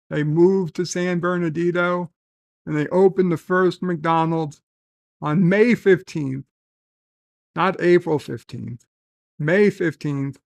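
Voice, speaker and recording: High-voiced, slow-talking man streaming. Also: creaky, dry recording. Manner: reads viewer comments aloud, rambling, corrects himself. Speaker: live-stream host. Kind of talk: casual chat.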